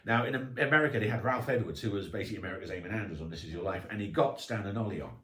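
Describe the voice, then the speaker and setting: A man's voice: lowish voice, racing, a bit bright. A man who is a guest author, telling anecdotes in a chatty, casual interview. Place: podcast recording room. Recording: roomy echo.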